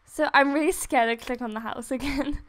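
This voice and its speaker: A young woman giving casual, excitable commentary while playing a game late at night. She is tired but gushing and giggly, and often squeals. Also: high-pitched, a little fast. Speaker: gaming video creator. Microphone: desktop USB microphone.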